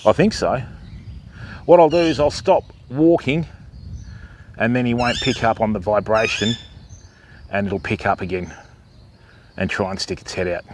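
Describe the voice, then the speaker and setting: A man's voice: fairly low pitch, normal speed, long pauses, a little hiss or hum. An Australian man hosting a live stream outdoors at a wildlife park, chatting with viewers and talking up to the animals in a raised voice. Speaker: livestream host.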